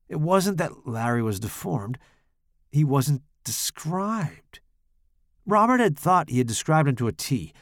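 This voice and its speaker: A man reading a horror story aloud in a dramatic, expressive way. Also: mid-range voice, vocal fry, no room sound, studio quality. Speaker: author and podcast host.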